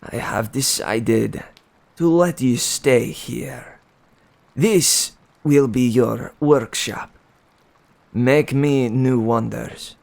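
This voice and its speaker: A man reading a storybook aloud and voicing a cruel king who speaks slowly and with menace. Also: medium pitch, creaky, darkish tone. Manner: slow, deliberate, menacing. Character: cruel tall king, cold and commanding.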